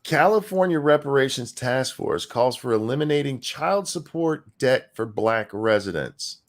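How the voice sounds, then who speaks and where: A man's voice: medium pitch, lively intonation, moderate pace. A man co-hosting a casual podcast, talking in a blunt, crude, ranting way. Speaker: co-host.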